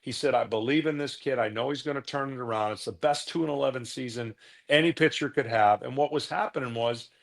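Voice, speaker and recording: In a casual interview, a middle-aged former pitcher shares relaxed anecdotes from his career, now and then acting out the voices of the people in them. He talks a little fast, with a creaky voice.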